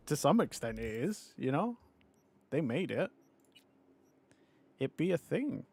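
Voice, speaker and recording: A young man streaming a game, chatting casually with viewers, animated and often laughing and swearing. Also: fairly high pitch, slow pace, gravelly, slightly rough. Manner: animated, laughing, swearing, mocking others in put-on voices. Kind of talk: casual live-stream chat.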